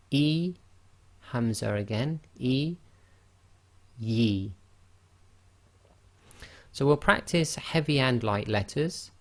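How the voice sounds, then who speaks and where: A man teaching Arabic letter pronunciation, modelling each sound slowly and explaining how to make it. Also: medium pitch, vocal fry. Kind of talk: recorded pronunciation lesson.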